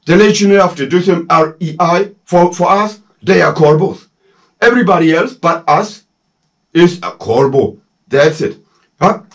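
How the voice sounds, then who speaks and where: A man's voice: fairly high pitch, animated, measured pace. A German-accented man in his fifties, a former soldier, giving a casual spoken lesson, laughing often and slipping into French phrases. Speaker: former legionnaire instructor.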